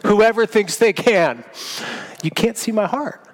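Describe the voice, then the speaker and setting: A man preaching a sermon, telling a personal story in a lively, self-mocking way. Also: high-pitched, measured pace. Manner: animated storytelling, self-mocking, laughs at himself. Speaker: pastor. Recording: long hall reverb.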